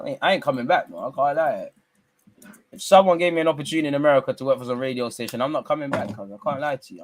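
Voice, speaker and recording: Young male watch-along host, loose and slangy, with loud teasing bursts. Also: mid-range voice, dry recording. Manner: teasing, slangy banter with sudden excited outbursts. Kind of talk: live football watch-along commentary.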